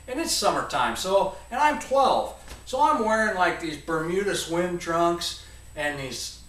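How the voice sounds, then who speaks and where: High-voiced man telling a story in an echoey room. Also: recorded from a distance. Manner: animated, rambling, comic delivery. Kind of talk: live storytelling to an audience.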